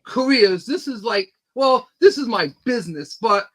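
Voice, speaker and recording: A man's voice: very high-pitched, expressive, measured pace, a bit bright, low-quality recording. A man who creates his own comic books, telling stories eagerly in a casual podcast chat and rambling with lots of fillers. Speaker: independent comic book creator, guest.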